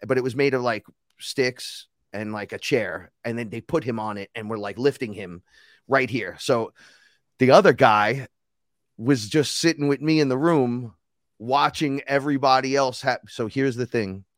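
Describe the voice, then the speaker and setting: A man's voice: medium pitch, normal speed, no echo. Profane storytelling man, dry close sound. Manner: animated, profane, acts out other people's voices. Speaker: podcast guest, rapper and shaman. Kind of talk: casual storytelling conversation.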